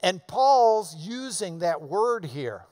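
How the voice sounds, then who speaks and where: A male preacher with a high, lively voice that swoops up and down as he teaches. He takes his time, lingers on words, and hammers key phrases by repeating them in loud bursts. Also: takes it slowly. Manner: folksy asides to the congregation. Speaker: preacher teaching a Bible passage. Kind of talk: expository sermon.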